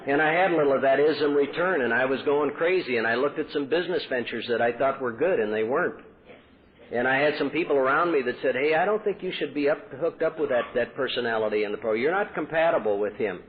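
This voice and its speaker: A man's voice: mid-range voice, fast. Man telling his recovery story. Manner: storytelling, acts out quoted voices. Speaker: AA speaker. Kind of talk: recovery talk to a meeting. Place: convention hall. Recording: tinny lo-fi 1980s tape with hiss.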